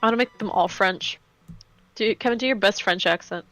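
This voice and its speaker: A woman's voice: mid-range voice, brisk, a bit bright, poor audio. A woman co-hosting a let's play in casual gaming chat, eager and coaxing.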